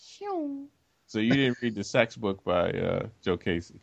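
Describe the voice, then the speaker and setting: Gravelly, teasing male co-host. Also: fairly low pitch, moderate pace, no echo, muffled recording. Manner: teasing, laughs often. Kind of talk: casual chat about comics.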